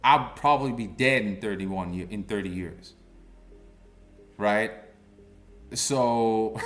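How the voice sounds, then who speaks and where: Slow, mocking man in his thirties. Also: lowish voice, fairly bright tone, faint music behind. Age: 30s. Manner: mocking, confrontational, heavy slang. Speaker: online commentator. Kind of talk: ranting commentary.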